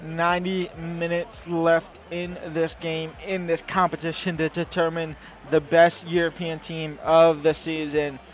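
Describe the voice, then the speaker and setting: A man hosting a gaming channel, giving casual commentary over his own gameplay, rambling and swinging between low muttering and loud outbursts. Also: level tone, unhurried, few pauses, soft background music.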